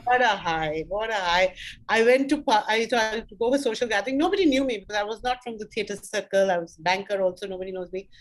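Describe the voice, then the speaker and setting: A middle-aged woman with an Indian English accent, a guest telling animated stories in an interview and acting out quotes. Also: medium pitch, fast talker, poor audio. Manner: animated, acts out quotes, laughs often. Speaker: guest, actor and former banker. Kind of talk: interview storytelling.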